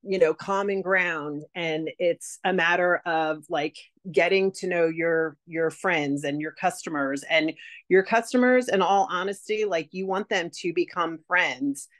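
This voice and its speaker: Chatty woman with a lowish voice. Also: unhurried. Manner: chatty, heavy use of "like" and "um". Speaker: direct sales consultant. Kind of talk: casual sales advice talk.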